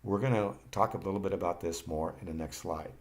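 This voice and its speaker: A man teaching over slides, patient, pausing for listeners to repeat after him, with the odd restart and self-correction. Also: low voice. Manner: patient, repeats phrases for learners to copy. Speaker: language teacher. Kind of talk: slide-based lesson narration.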